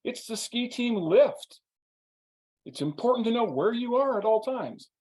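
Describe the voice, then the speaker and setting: Man putting on indignant outdoorsy guy, stubborn, insistent, raised pitch. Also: very animated, moderate pace, darkish tone.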